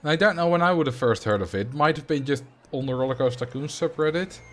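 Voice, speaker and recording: A man streams games and chats informally with viewers, replying to messages, laughing a lot, and often restarting his sentences. A native Dutch speaker with a Dutch accent, he talks fast at a fairly high pitch, with a little hiss or hum audible.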